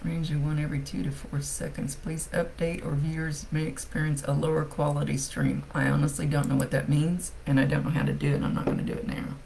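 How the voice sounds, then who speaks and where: A woman's voice: sits low, little pitch movement, fairly quick, vocal fry, hardly any pauses, darkish tone, a little hiss or hum, low-quality recording. A woman working as a psychic medium, giving a casual live-streamed reading. She talks bluntly, thinks aloud and swears freely.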